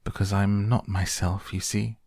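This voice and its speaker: Man reading young girl, polite, earnest, slightly flustered, gravelly, husky. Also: lowish voice, little pitch movement, darkish tone, dry recording, clean studio sound. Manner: polite, slightly flustered, quickening when anxious.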